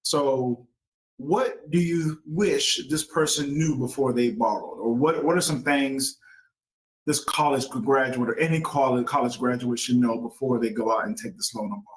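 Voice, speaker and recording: A man's voice: mid-range voice, moderate pace, rough recording. A man hosting an educational talk show, speaking upbeat to the listeners as folks. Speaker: podcast host.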